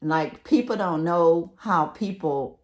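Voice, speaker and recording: A woman's voice: fairly low pitch, takes it slowly, a little mellow. A middle-aged woman from the United States with a Southern accent, chatting casually to her viewers in a folksy way as she gives advice. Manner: chatty, folksy, talks straight to viewers as "y'all". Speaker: vlogger giving relocation advice.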